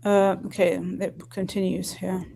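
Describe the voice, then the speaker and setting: A woman co-hosting a livestream, reading a news article aloud at a steady pace with small restarts. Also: medium pitch, unhurried, gravelly, a little hiss or hum, low-quality recording.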